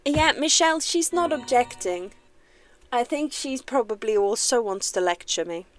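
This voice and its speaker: A woman's voice: on the high side, expressive, normal speed. A young woman casually chatting on a game livestream, self-deprecating and laughing often. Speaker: game streamer.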